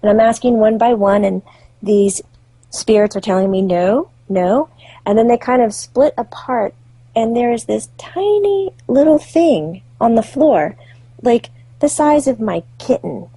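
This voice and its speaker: Woman guest, husky dry voice, lively storyteller who acts out the people she quotes. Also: fairly high pitch, unhurried, dry recording. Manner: vivid, acts out quoted voices, laughs often. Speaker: psychic medium and author, interview guest. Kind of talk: animated storytelling in an interview.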